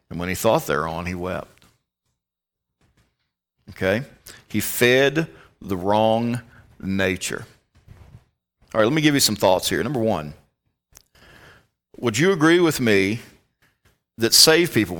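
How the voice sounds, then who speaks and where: A man's voice: on the low side, a bit bright. A man with a Southern American accent preaching a sermon as pastor in a church, folksy and conversational, often quizzing his congregation.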